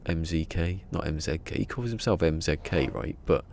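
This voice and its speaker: Gravelly deep-voiced man streaming. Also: normal speed, darkish tone, a little hiss or hum. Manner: joking, rambling, laughs often. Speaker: live streamer. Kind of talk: casual live stream chat.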